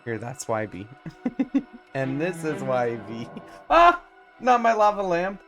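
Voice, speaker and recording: A woman streaming a game live, laughing often, swearing and reacting loudly in casual commentary. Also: deep voice, sing-song, slow pace, soft background music.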